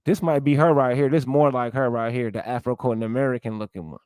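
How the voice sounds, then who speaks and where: A man's voice: medium pitch, fairly even intonation, a little fast, darkish tone, clean tone, no room sound. Lecturing man, dry recording. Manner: lecturing, searches aloud, addresses viewers as y'all. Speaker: commentator. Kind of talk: casual commentary while browsing sources.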